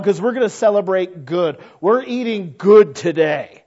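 A male pastor preaching a sermon, animated and folksy, asking rhetorical questions and joking at his own expense. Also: high voice, unhurried, hardly any pauses, highs cut off. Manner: animated, frequent rhetorical questions and self-deprecating humor.

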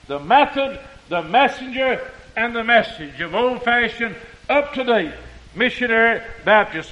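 A male preacher with a rural American country accent, preaching a sermon to a conference and rising to fervent shouts while slowing down on scripture. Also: very high voice, lo-fi sound.

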